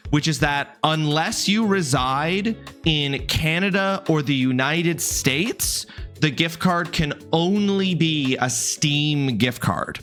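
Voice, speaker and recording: A man's voice: on the high side, expressive, takes it slowly, a bit bright, soft background music. A man in his thirties chatting casually on a livestream, greeting viewers by name and answering their comments.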